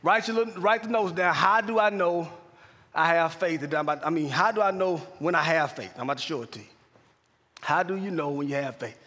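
A man preaching a sermon as pastor, calling to the congregation for responses and building to shouted climaxes. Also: on the high side, brisk. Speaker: pastor and chaplain. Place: large church hall. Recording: long hall reverb.

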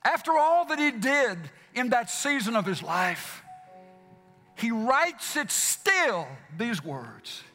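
A man preaching a sermon, repeating phrases for emphasis and swinging from loud exclamations down to hushed whispers. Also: extremely high pitch, big pitch swings, slow pace. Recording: long hall reverb with faint music.

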